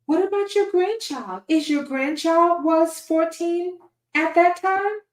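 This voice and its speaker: A woman's voice: very high-pitched, slow, faint music behind, voice pushed up. A woman doing a mocking impression of a prim, nosy church lady who asks prying questions. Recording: echoey room, far from mic.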